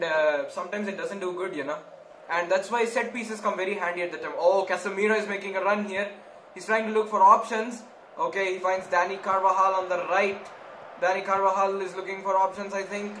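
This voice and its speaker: High-voiced dude yapping over his football game, gets all anxious then yells, echoey room, bit of hiss. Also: brisk. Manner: excitable, nervous, swings between muttering and shouting. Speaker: gaming YouTuber. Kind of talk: Let's Play commentary.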